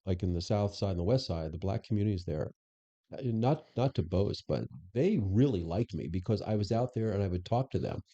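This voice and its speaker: A man's voice: fairly low pitch, lively intonation, a little fast, mellow. A man, a former police chief, candidly recounting experiences in a conversational interview. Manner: candid, anecdotal, frequent restarts. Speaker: former police superintendent, guest. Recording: dull lo-fi podcast audio.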